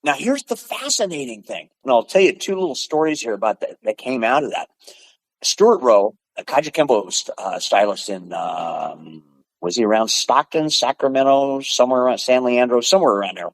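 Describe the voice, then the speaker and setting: An older man in his seventies spins animated anecdotes as a podcast guest, throwing in bursts of sound effects. He is from the Pacific Northwest, and his voice sits at a middle pitch. The sound is dry and close. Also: normal speed, creaky, dry recording, rough recording. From Pacific Northwest, USA. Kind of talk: storytelling in conversation.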